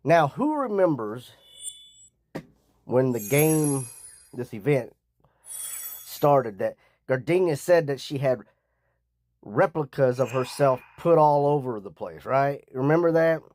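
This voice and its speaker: A man's voice: medium pitch, expressive, a little mellow. A man hosting a gaming channel, chatting casually to his viewers about a game and calling them guys. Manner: slow, drawn-out, chatty, addresses viewers as guys.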